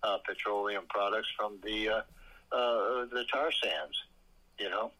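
A man co-hosting a political talk show, speaking haltingly with many fillers and blunt opinions. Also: fairly low pitch, fairly even intonation, bright, forceful tone, breathy edge, poor audio. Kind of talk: casual political chat.

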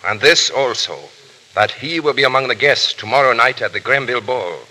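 An actor playing a cold, calculating French ambassador who speaks smoothly and with cool irony. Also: male voice, mid-range voice, brisk, sharp tone, rough recording. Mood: scheming.

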